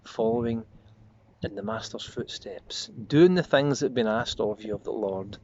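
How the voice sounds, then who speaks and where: A man preaching a short devotional sermon as a pastor, earnest and reflective, slowing and softening on repeated prayer refrains. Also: fairly low pitch, crowd noise. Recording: slightly dull lo-fi audio with faint noise.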